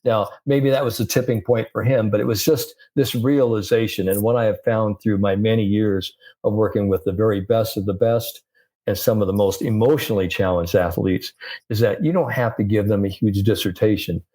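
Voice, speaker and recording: An older man, a sports psychologist, telling a story in an interview and lively acting out the voices of the people in it. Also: on the low side, fairly quick.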